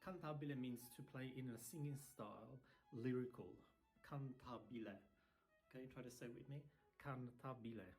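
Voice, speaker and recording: A man's voice: mid-range voice, creaky, darkish tone, faint music behind. A man teaching violin terms, repeating each word and spelling it out letter by letter. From Italy. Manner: repeats words slowly, spells them out letter by letter. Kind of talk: casual spoken lesson.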